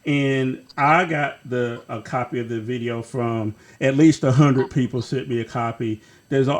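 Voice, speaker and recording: A man hosting a talk show, introducing segments and a guest in a relaxed way. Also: medium pitch. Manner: relaxed, with fillers and restarts. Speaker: host.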